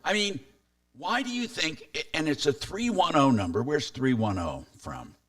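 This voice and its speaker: A man's voice: on the high side, sing-song, a little slow, a bit bright, no echo, far from the mic. A man hosting a consumer talk radio show, chatting casually and reading listener texts aloud.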